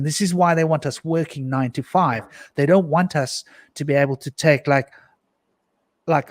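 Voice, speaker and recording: A man's voice: medium pitch, no echo. A man on a discussion panel, earnestly recounting a personal mystical experience, with frequent restarts and repeated words. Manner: earnest, intense storytelling with frequent restarts and repetitions.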